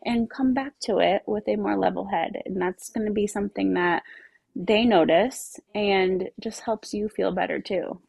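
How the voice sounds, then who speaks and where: Gravelly-voiced woman chatting on a podcast. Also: medium pitch, normal speed, no echo. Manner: relaxed, laughs often, talks about parenting with her kids. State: pregnant. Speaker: podcast co-host. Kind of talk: casual chat.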